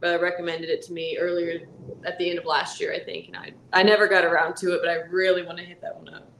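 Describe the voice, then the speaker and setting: A woman's voice: fairly low pitch, quick pace, reverberant, slight background noise, low-quality recording. A woman co-hosting a podcast in casual, laughing chat, swearing freely. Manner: laughs often, swears, animated. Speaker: podcast co-host.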